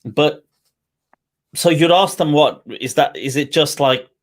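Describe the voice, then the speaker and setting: A man hosting a casual live-stream chat, relaxed and drawn out, with laughs between phrases. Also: a little high, measured pace. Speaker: host.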